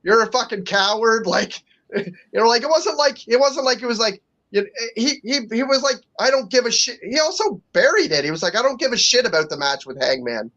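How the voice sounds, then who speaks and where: A man's voice: very high-pitched, lively intonation, a little fast, pushed and bright. A man co-hosting a podcast, talking bluntly in rambling casual chat, full of fillers and restarts. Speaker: podcast co-host. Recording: dull lo-fi audio.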